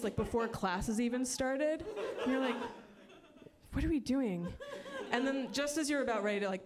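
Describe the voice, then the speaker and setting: A woman works a comedy club stage. She rambles in a chatty, self-mocking way, peppering her lines with "like" and quick asides. Her pitch sits in an ordinary middle range. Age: 30s. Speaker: stand-up comedian. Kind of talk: stand-up comedy set.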